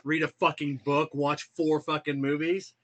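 A man's voice: on the high side, flat delivery, normal speed, fairly bright tone. A male podcast host chatting casually, laughing often and stumbling over repeated words as he starts sentences. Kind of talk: casual chat.

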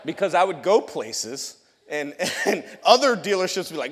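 A male youth pastor giving a testimony sermon to his congregation in a church, telling his story in a lively way, often laughing and repeating words. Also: on the high side, normal speed, husky. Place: church sanctuary. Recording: long hall reverb.

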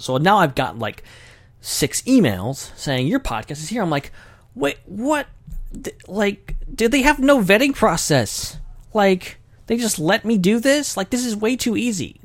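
A man with a medium-pitched voice hosts his own podcast, chatting casually in a livestream style that rambles, jokes, and pokes fun at himself. There is no echo.

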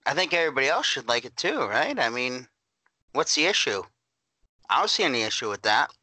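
Bright, dry-miked ranting podcast guest. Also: male voice, mid-range voice, sing-song, a little fast, dry recording, rough recording. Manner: joking, ranting. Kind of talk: casual sports chat. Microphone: own mic on a call.

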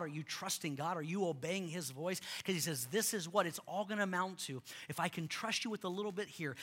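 A male pastor preaches passionately to his congregation, moving from loud rallying lines to quiet, earnest ones. His voice is fairly high and a bit rough.

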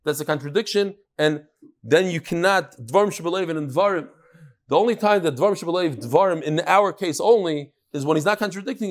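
Animated teacher, man. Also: on the high side. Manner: lively, sprinkles Hebrew and Yiddish terms, repeats words. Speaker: Talmud teacher. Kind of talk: animated Talmud class with storytelling.

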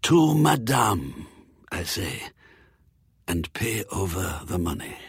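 A man's voice: deep voice, sing-song, creaky, breathy edge, dry recording, clean studio sound, exaggerated voice. Man voicing a brooding French croupier. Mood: bitter. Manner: slow, intense, brooding confession. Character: proud, world-weary middle-aged French croupier.

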